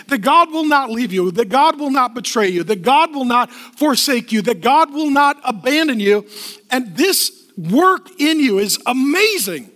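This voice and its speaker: Male pastor, middle-aged, very high voice; preaches with punchy repetition and casual story asides. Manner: emphatic, rhythmic repetition with lively storytelling asides. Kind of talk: sermon.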